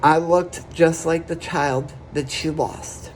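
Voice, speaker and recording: A man with a somewhat high voice tells his own story to the camera in an earnest, plain-spoken confessional way. He talks slowly and keeps pausing to check in with "okay?" between his points. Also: steady tone, slight background noise. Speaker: vlogger.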